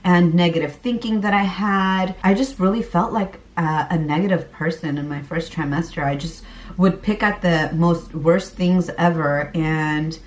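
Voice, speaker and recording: Young woman chatting about pregnancy stuff, kinda low voice, echoey room, mic a bit far. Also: unhurried. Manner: candid and chatty, laughs while recalling. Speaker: vlogger. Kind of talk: casual pregnancy vlog talk.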